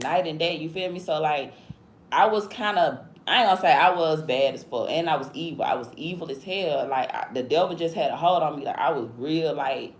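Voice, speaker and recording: A woman in her thirties livestreaming and talking casually in slang, often asking "you feel me?". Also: low-pitched. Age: 30s. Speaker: livestream host. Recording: echoey room with faint background noise.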